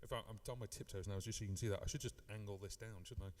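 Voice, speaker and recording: In a large hall, a British man racing through a casual live-stream lesson on live looping rambles with many fillers and drops in the odd beatbox. His voice is lowish and darkish, with fairly even intonation.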